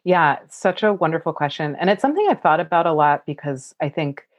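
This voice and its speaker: A woman's voice: sits low, fairly quick, no echo, muffled recording. A woman cookbook author answering audience questions in casual chat, laughing often and saying "like" a lot. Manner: chatty, laughs often, many "like" fillers.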